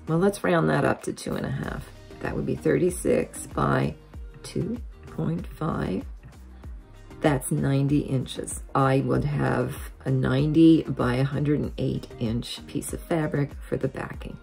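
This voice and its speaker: A woman hosting a quilting software tutorial, explaining each step methodically as a voice-over. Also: deep voice, gravelly.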